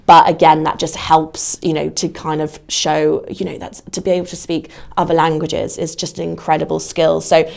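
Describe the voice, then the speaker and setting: A woman's voice: deep voice, flat delivery, normal speed, creaky, few pauses, darkish tone. A woman giving career advice in a podcast interview, talking conversationally with lots of "you know". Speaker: guest, casting platform adviser.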